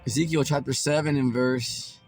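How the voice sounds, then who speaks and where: A man's voice: mid-range voice, fairly even intonation, normal speed. A man preaching as a street preacher in a ranting, mocking tone full of slang and swearing. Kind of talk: ranting religious commentary. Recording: loud background music.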